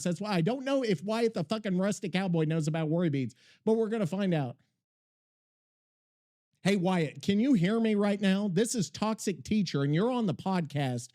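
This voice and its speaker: A man hosting a podcast in casual chat, rambling, excitable and swearing freely. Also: high-pitched. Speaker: podcast host.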